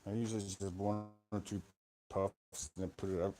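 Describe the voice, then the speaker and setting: A man's voice: sits low, little pitch movement, a little fast, mellow. A man rambling through a live stream monologue in a sweary, self-mocking way, talking close into a phone. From Scotland. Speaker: vlogger. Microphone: phone held close to the mouth.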